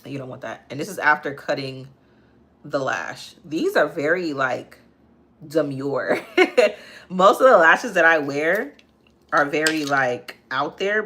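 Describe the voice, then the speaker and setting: A woman's voice: sits low, a bit bright, a little hiss or hum. A young woman hosting a live makeup tutorial at home, chatting casually and answering viewer comments as she works. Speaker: makeup vlogger and livestream host. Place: home, near a kitchen.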